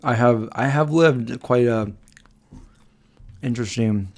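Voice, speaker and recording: Hosting a relaxed late-night live stream, this man in his forties spins a story slowly and haltingly. He keeps doubling back, restarting phrases and saying um in the gaps, with a plain medium-pitched voice that's a touch mellow.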